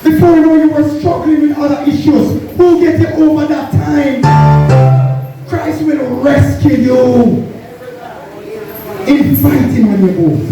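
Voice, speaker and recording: A high-voiced man with a Jamaican accent preaches and exhorts his congregation, repeating his calls and dropping into patois. His voice rings through a very echoey hall, picked up from a distance, with music playing clearly beneath. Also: warm tone. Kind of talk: sermon. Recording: echoey hall, mic far off. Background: music under the preaching.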